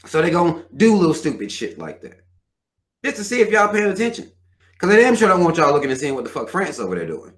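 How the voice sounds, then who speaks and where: A man's voice: on the high side, huge pitch swings, fast. A man in his thirties hosting a live show, ranting bluntly and with plenty of profanity. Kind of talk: livestream rant.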